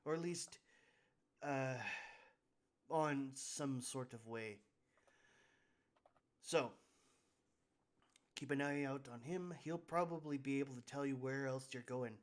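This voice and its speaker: A man's voice: medium pitch, takes it slowly, pauses often, natural voice. A man voicing a brash, blunt woman boss reading out her crude letter in a tabletop game. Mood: gruff.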